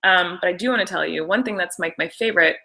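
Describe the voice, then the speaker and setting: A young woman talks casually through a live stream, piling up enthusiastic behind-the-scenes stories and quick apologies. Her voice is bright and forward. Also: lowish voice, vocal fry, low-quality recording. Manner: chatty, gushing, apologetic asides. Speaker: show creator and host.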